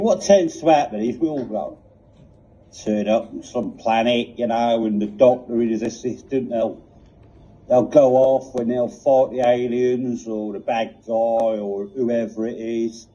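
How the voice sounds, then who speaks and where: A man's voice: medium pitch, normal speed, warm tone, voice pushed down, close to an everyday voice. A man voicing a bored, laid-back male talking police box with a Cockney accent, rambling and padding his talk with "you know what I mean". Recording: dull lo-fi recording.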